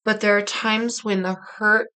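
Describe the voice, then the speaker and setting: A woman's voice: medium pitch, flat delivery, unhurried, bright, forceful tone, smooth, poor audio. A woman reading tarot cards for her viewers in a casual, earnest, reflective way, speaking straight to them. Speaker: tarot reader.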